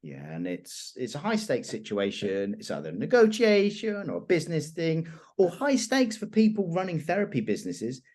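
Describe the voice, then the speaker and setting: Animated man teaching conversation skills. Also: fairly high pitch, moderate pace. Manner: animated, expressive, laughs often. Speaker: hypnosis and influence trainer.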